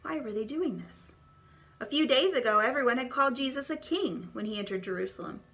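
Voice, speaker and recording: A woman reading a children's devotional storybook aloud in an expressive, clear storytelling manner. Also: sits high, brisk.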